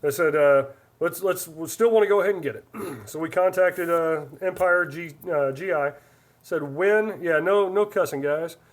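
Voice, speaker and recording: A livestream host in his forties, with a fairly high-pitched voice at normal speed, chats casually and reads viewer comments aloud in a rambling way.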